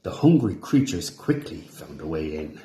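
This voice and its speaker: Animated man reading a children's story. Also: extremely low pitch, normal speed, reverberant. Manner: expressive, animated character voices. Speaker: storybook reader. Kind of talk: children's read-along narration.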